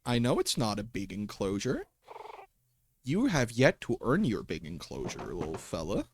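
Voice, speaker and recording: A man's voice: on the low side, huge pitch swings, normal speed, gravelly, slight background noise. A man livestreaming a game in casual commentary, chatty and talking to himself and his pets, swearing and laughing often at a desk microphone.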